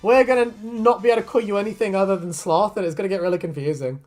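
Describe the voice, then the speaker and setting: A woman's voice: mid-range voice, fast, a little mellow. A woman streaming her art, chatting casually, swearing freely and laughing a lot as she rambles through stories. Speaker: artist streamer.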